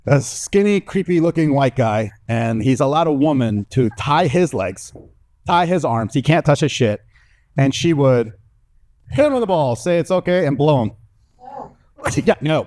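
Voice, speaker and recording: A young man from the American South with a Southern accent, doing a stand-up comedy set before a live audience with lively storytelling. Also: on the high side, moderate pace. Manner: animated, lively storytelling with acted-out voices.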